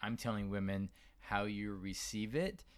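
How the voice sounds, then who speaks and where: A man's voice: on the low side, a little slow. A man co-hosting a marriage podcast, talking casually with fillers and restarts. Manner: conversational, frequent fillers and restarts. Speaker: podcast co-host. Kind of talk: casual chat.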